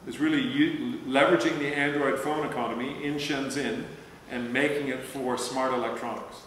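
A man's voice: mid-range voice, steady tone, normal speed, a bit bright, far from the mic. Hesitant man in an echoey hall. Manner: hesitant, many restarts and fillers. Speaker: presenter answering audience questions. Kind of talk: talk Q&A at a meetup. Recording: echoey hall with faint noise.

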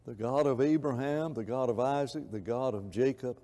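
A man preaches with passion in a church sanctuary, frequently repeating words and starting phrases over. His voice is medium-pitched and warm, at a moderate pace, and the hall sounds echoey.

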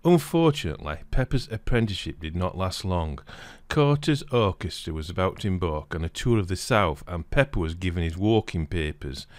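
A man narrating a scripted video essay in a steady reading voice. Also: sits low, moderate pace, no room sound. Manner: steady reading, livelier when reading quoted passages.

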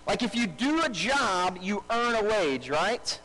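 Pastor guy with a really high voice preaching live in church, keeps repeating lines and getting the crowd to answer. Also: sing-song, a little slow, bright, forceful tone, low-quality recording. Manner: calls out to the congregation and asks for responses; repeats key phrases for emphasis. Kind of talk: live sermon. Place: church service before a congregation.

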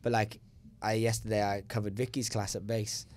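A man hosting a podcast, chatting in a relaxed way about teaching. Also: on the low side, moderate pace. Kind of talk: casual podcast conversation.

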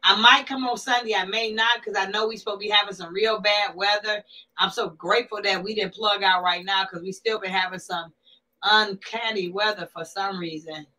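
Woman on a livestream, bright voice, talks right back to the chat. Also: mid-range voice, steady tone, moderate pace, rough recording. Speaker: livestream host.

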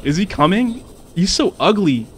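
Young dude playing a scary underwater game, kinda high voice, swears constantly and freaks out, quiet game sounds in the back. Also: male voice, sing-song, normal speed, slight background noise. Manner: jumpy, swears a lot, yelps and panics at creatures. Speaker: gamer. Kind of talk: let's play commentary.

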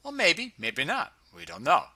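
Sharp-voiced man talking through data. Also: a little high, wildly swooping pitch, unhurried, no room sound. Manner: sarcastic, hums filler sounds while scrolling. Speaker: presenter reviewing health data on screen. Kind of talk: casual screen-share commentary.

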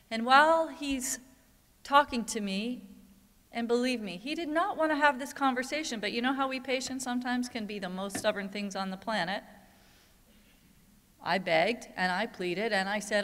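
Here a conference speaker who advocates for parents talks at a normal speed, her medium-pitched voice fairly bright. She's telling a personal story in a candid, conversational way, and the large hall adds a long reverb.

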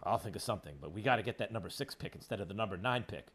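A man voicing a scheming mock football coach in a low, mocking put-on voice. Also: expressive, racing, fairly bright tone.

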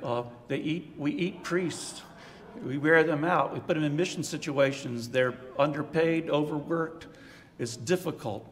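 An older man, a priest, giving an unscripted retreat talk in a conversational, reflective way, pausing on fillers and chuckling softly. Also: fairly high pitch, a little hiss or hum. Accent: American Southern. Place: large conference hall. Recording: long-reverb hall.

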